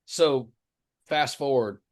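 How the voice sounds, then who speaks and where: A man's voice: medium pitch, takes it slowly. A man hosting a podcast, asking a guest questions in an easygoing, loosely worded way. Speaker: podcast host. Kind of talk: interview questions.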